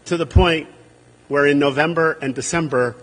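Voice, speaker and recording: A man's voice: a little high, normal speed, big-room sound. A man giving a humorous, anecdotal eulogy for a friend and colleague at a memorial service, livening his stories by acting out what people said. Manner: humorous, animated when quoting others.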